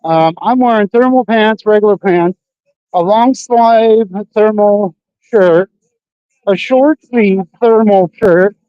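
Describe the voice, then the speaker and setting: A man with a high voice chats casually to his stream while out on the streets at night. He rambles, swears freely and leans on fillers. The sound is dull and lo-fi, dry and close. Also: takes it slowly, smooth, no echo. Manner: rambling, profane, full of fillers. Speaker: livestreamer. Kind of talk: casual livestream chat. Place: outdoors on city streets at night.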